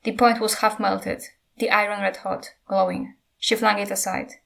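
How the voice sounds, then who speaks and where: Woman, novel reading, steady storyteller, mid pitch, flat even delivery. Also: normal speed, vocal fry. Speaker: narrator.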